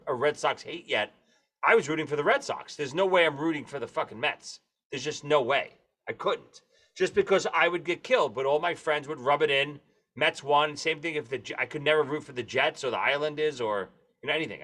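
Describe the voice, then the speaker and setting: A man's voice: fairly high pitch, pushed and bright. A man in casual sports chat, blunt and swearing freely.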